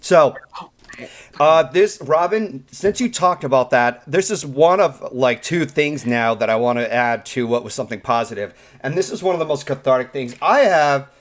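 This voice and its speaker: A man hosting a podcast, telling stories in a casual, animated way, with plenty of swearing and a touch of a cough. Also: a little high. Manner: animated storyteller, swears freely. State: coughing, something down the wrong pipe. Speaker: podcast host.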